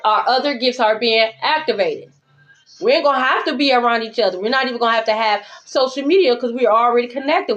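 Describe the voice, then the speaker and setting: A woman tarot reader, her voice on the high side with a fairly bright tone, addresses her viewers in a casual spiritual monologue. She's blunt, profane, and emphatic. The recording sounds dull and lo-fi.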